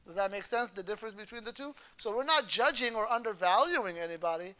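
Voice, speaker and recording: Bright-voiced male teacher giving a relaxed lecture. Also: sits high, quick pace. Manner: explains patiently, often checks the class understands; moves easily between English and Arabic terms. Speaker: Islamic law teacher. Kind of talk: conversational classroom lecture.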